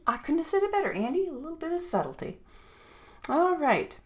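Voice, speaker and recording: A woman music teacher narrating a recorded video lecture in a chatty way, scatting rhythms aloud to point out beats. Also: mid-range voice. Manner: chatty, scats rhythms with "ba" and "da" sounds.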